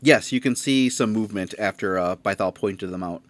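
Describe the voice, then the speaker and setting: Halting male game master. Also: lowish voice. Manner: halting, with many fillers and restarts. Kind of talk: narrating a tabletop game.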